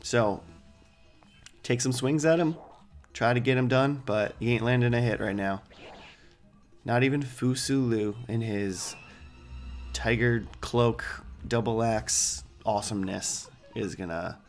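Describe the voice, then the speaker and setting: A man's voice: medium pitch, measured pace, pauses often, soft background music. A man hosting a let's play, giving casual gameplay commentary with joking, rambling asides.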